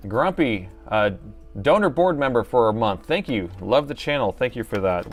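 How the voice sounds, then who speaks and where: A man's voice: medium pitch, lively intonation, normal speed, faint music behind. A middle-aged man hosting a live repair stream, chatting and thinking aloud as he works and joking with his viewers. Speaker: host and laptop repair technician.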